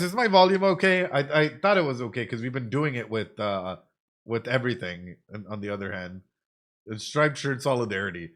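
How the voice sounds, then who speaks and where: Brief: male psychologist streamer, bright, forceful voice, chatty and excitable, lots of "yo" and "man". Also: fairly low pitch. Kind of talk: casual let's-play commentary.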